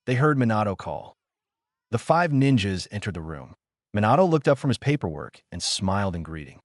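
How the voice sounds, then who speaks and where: A man narrating a fan fiction story in a lively reading voice. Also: on the low side, moderate pace, no echo, clean studio sound.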